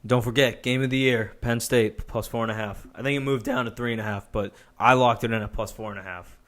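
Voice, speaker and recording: A young man hosting a casual sports betting podcast, loud and laughing, swearing often. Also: medium pitch, steady tone, brisk. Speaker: podcast host.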